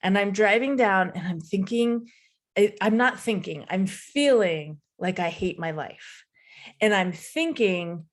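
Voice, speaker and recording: A woman who is a guest on a podcast interview, telling her personal story in a candid, animated way. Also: medium pitch, takes it slowly.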